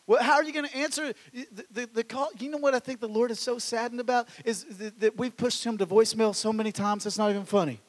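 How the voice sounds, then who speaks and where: In a large church with a long echo, a high-voiced pastor delivers his sermon quickly and with few pauses. He swings from loud, animated exclamations to hushed, intimate asides, tripping over restarts as he pushes his argument.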